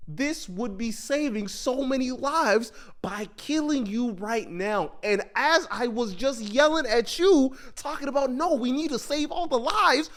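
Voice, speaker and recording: A conflicted young superhero who reasons aloud and sounds brooding, as a man voices him in his own high voice. The delivery stays close to everyday speech. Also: animated, measured pace, hardly any pauses, a bit bright, full character voice.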